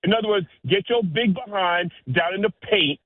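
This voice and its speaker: An excited caller rattles off his take in quick street slang. He is a man with a high voice, and the sound comes through a tinny phone line. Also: no room sound. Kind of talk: call-in sports talk.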